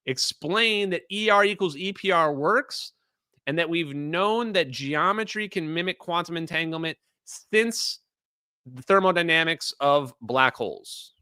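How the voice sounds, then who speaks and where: A man's voice: on the high side, lively intonation, a little slow, sharp tone, no room sound, studio quality. A middle-aged man commenting on clips during a live stream, emphatic and opinionated, talking straight to his chat.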